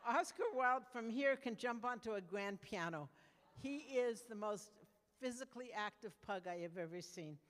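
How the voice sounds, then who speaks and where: A woman's voice: on the high side, lively intonation, moderate pace, big-room sound. An older woman doing stand-up comedy, telling brash, conversational stories with frequent restarts.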